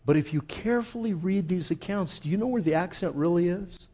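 A man preaching a conversational sermon, calling listeners folks and swinging from quiet intensity to loud emphasis. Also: high voice, expressive, moderate pace. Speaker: pastor.

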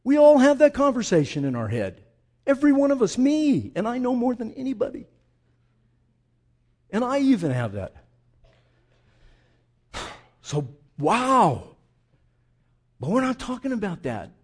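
Animated high-voiced male pastor preaching. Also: unhurried, pauses often. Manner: animated, acts out voices of listeners and speaks straight to the congregation. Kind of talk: sermon.

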